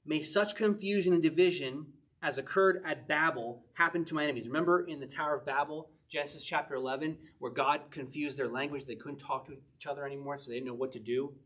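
A man's voice: fairly high pitch, quick pace, fairly bright tone, breathy edge. A man preaching a conversational sermon, reading scripture aloud with emphasis and asking his listeners questions. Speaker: pastor.

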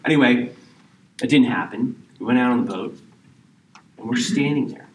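Male pastor preaching a sermon, conversational delivery with hushed near-whisper moments, set back from the mic with a faint hiss underneath. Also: medium pitch, normal speed, echoey room, far from the mic, poor audio.

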